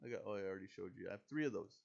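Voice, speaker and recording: A man chatting casually over a video game, excitable and self-deprecating. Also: lowish voice, racing, vocal fry, highs cut off. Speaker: gaming YouTuber. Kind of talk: casual gameplay commentary.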